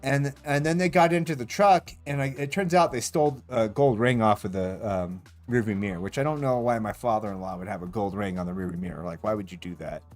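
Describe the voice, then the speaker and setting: A man's voice: lowish voice, brisk, hardly any pauses, soft background music. A man streaming a game, telling a rambling story casually, swearing often and laughing as he goes. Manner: profane, rambling, animated retelling with laughs.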